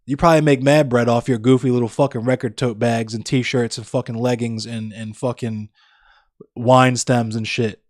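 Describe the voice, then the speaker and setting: A young man livestreams, chatting casually with his viewers in a blunt, profane, ranting manner. His mid-range voice keeps a fairly even intonation at a moderate pace, captured in a dry, studio-quality recording.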